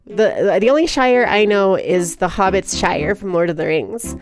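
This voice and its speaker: A woman's voice: medium pitch, moderate pace, hardly any pauses, soft background music. A woman live streaming who chats casually and reads chat aloud, giggly and playful with frequent laughter.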